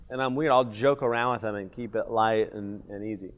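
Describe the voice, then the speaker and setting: A man's voice: lowish voice, brisk, hardly any pauses. A man co-presenting a sales workshop, casual and joking, calling people bro and dude. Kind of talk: live workshop talk.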